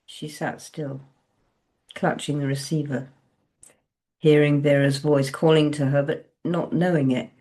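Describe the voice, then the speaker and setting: A woman author reads from her own novel in a low voice. She takes it very slowly and keeps the narration measured and restrained. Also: flat delivery, mellow. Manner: slow, measured, low-key.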